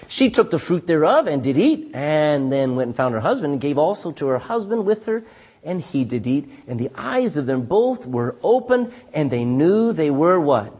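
A male pastor with a high, husky voice preaches with dramatic swings from loud to hushed. He reads old-fashioned scripture aloud, and his pitch rises and falls widely as he calls for amens from the congregation. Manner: asks the congregation for "Amen?" responses; reads scripture in King James wording. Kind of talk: sermon.

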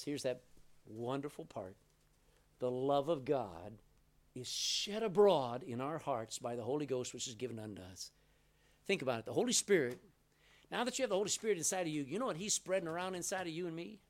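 Male pastor, sermon, animated, slightly high pitch, lively swings in volume. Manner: animated preaching with sudden loud and soft swings; reads scripture aloud in old-style wording.

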